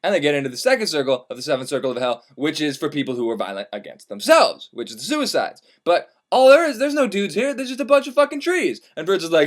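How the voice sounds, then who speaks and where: A man with a fairly high voice tells an old epic in a loose, irreverent way. He swears freely and throws in wry asides as he goes. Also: big pitch swings, quick pace, few pauses. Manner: casual, profane, wry asides. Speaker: storyteller. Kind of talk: irreverent comic retelling of a classic.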